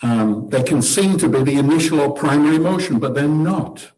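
A man's voice: a little high, animated, a little fast, darkish tone, low-quality recording. A man giving a conversational sermon to a seated group, earnest and posing rhetorical questions with wry humor. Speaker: church teacher leading table discussion.

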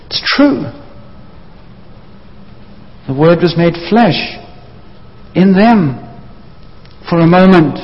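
A man's voice: on the high side, lively intonation, slow, long pauses. A man preaching a sermon, telling the story vividly and briefly acting out the voices of the people in it. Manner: storytelling, acts out voices of disciples. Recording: dull sound, long hall reverb.

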